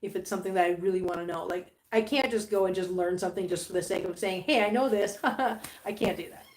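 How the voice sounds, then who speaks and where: A woman's voice: on the low side, fairly even intonation, quick pace, a little mellow. A woman hosting a casual live stream from her home, chatting to viewers about her cats and laughing often. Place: home living room. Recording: roomy home sound with faint background hiss.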